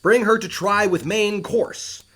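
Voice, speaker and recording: A man reading aloud as a ship's boatswain who bellows orders through a storm, loud and pitched high above his normal voice, swinging widely in pitch. He is all urgency and barked commands. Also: very animated, quick pace, husky, exaggerated voice. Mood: shouting. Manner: shouting orders.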